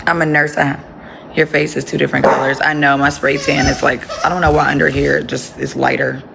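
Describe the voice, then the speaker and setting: A woman's voice: sits low, little pitch movement, brisk, vocal fry, background noise. A woman livestreaming casually from home on her phone, blunt and profane, breaking off to talk to her dogs. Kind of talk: casual live chat with viewers.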